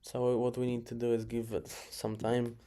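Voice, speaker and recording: A man's voice: mid-range voice, completely flat delivery, normal speed, warm tone. A man casually reviewing his own chess games, muttering moves, correcting himself and chuckling along the way. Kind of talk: casual game review commentary. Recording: clear background noise.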